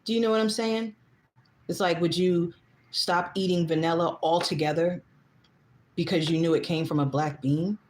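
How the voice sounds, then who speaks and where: A woman's voice: on the low side, fairly even intonation, normal speed, a little mellow. A woman hosting a casual livestream, chatting loosely, reading out viewer comments and getting heated and emphatic when she vents. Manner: chatty, rambling, reads comments aloud. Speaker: livestream host.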